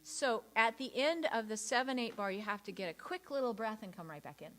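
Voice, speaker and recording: A woman's voice: fairly high pitch, animated, fairly quick, a bit bright. A woman directing a choir rehearsal, counting beats aloud and singing parts to show them, encouraging and patient. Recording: rehearsal room with piano behind.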